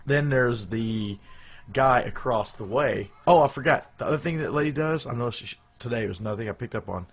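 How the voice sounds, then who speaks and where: A man's voice: medium pitch, fairly quick. A man co-hosting a live show, chatting casually in a rambling, jokey way with loose restarts. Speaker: podcast co-host.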